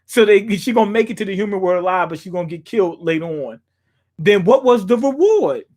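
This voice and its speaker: Streaming from a small home room, this young man reacts to a manga chapter, his voice sitting high with a darkish tone, expressive and fairly quick. The talk is loose and profane, full of fillers as he thinks out loud for his live-stream chat.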